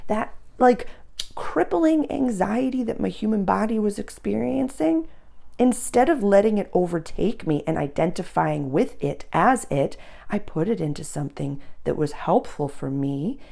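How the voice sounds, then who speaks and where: A woman's voice: medium pitch, expressive, a little slow, gravelly, mellow. A woman astrologer giving a casual, chatty reading for the signs, loose and full of fillers.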